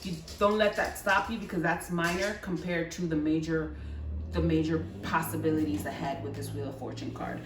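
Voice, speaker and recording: A woman with a fairly low voice talks through a tarot reading in a chatty, coaxing way, stumbling over repeated words and tagging "right?" onto her points. She sits some way from the mic in an echoey room. Faint background noise runs under her voice. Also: steady tone, moderate pace, distant mic. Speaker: tarot reader. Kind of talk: pick-a-card tarot reading.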